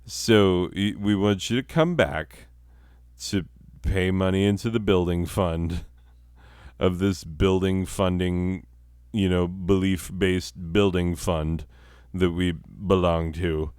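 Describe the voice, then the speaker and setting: A man's voice: low voice, fairly even intonation, slow, a little mellow, clear, resonant tone, no echo, clean studio sound. A man hosting a comedy podcast, delivering a profane, sardonic satirical monologue and laughing at his own jokes.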